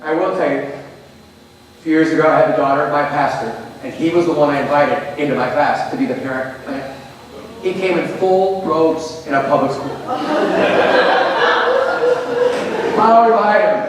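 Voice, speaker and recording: A man giving a lively, joking talk to teachers, acting out little scenes. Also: on the high side, moderate pace, background noise. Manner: animated, jokey, acts out scenes. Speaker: teacher presenter. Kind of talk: workshop presentation to teachers. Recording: echoey hall from far off.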